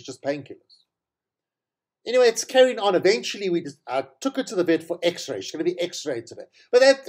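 Brief: chatty middle-aged male host, lively pitch, mellow tone, rambling with self-corrections. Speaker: show host. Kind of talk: casual solo monologue.

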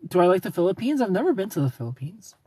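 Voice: medium pitch, big pitch swings, rapid-fire, a little mellow, slightly rough, no echo. A live streamer in casual, upbeat chat, reading viewer comments aloud and greeting people by name.

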